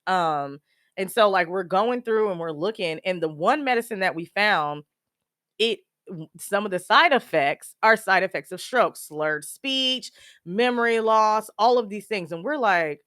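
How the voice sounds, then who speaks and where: A woman hosting a podcast alone, telling a personal story in a lively, slangy way and acting out the other people's lines herself. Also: mid-range voice, measured pace, no room sound, clean studio sound. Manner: animated, slangy, acts out quoted dialogue. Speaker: podcast host.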